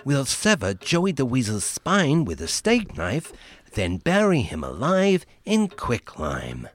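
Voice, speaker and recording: An actor playing a mafia godfather in a radio comedy sketch, swinging from sweet cheer to quiet menace. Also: medium pitch, wildly swooping pitch, slow pace, a crowd in the background. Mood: menacing. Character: male mafia don godfather, genteel and menacing.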